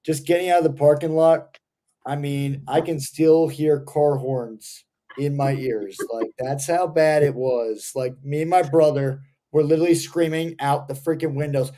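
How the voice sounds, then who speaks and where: Young man, mellow tone, casual heated sports-fan co-host. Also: on the high side, normal speed. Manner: rambling, heated fan rants. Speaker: podcast co-host.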